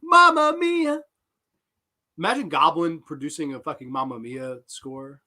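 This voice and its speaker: A man hosting a live horror trivia stream, reading questions and reacting to chat answers with excitable, swearing banter. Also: mid-range voice, normal speed. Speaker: host.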